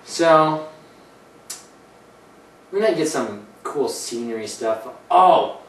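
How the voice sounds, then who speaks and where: A man's voice: a little high, expressive, takes it slowly. A man hosting a casual comedy gaming show, rambling and jokey, often slipping into put-on voices. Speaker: host. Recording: echoey room, mic at a distance, faint ambience.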